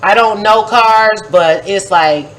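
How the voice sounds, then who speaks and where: A woman's voice: mid-range voice, slow, a bit bright, a little hiss or hum, rough recording. A woman of about forty telling a personal story in a casual, chatty way, full of "like" and "you know," who acts out her own past remarks. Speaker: poet and vlogger.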